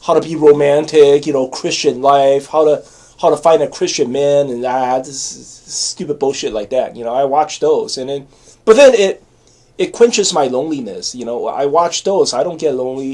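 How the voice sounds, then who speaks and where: A man's voice: a little high, normal speed, darkish tone. A man in his forties, a channel host talking in a rambling, repetitive and blunt casual monologue to camera. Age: 40s.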